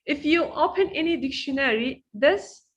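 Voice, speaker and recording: A woman teaching English pronunciation online, with an Egyptian Arabic accent, drilling words slowly by repeating them and correcting students. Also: sits high, animated, lo-fi sound. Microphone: video call.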